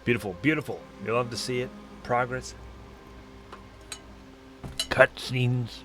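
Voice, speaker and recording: A man's voice: medium pitch, fairly even intonation, slow pace, a bit bright, faint music behind. A man giving casual let's-play commentary, joking and teasing himself as he thinks aloud through his gear choices. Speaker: gaming streamer playing through a game.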